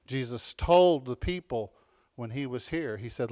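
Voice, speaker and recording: Animated male pastor, soft to loud. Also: mid-range voice, a little slow. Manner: animated, swinging between soft intimate passages and loud emphatic ones; asks the congregation questions and laughs often. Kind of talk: sermon.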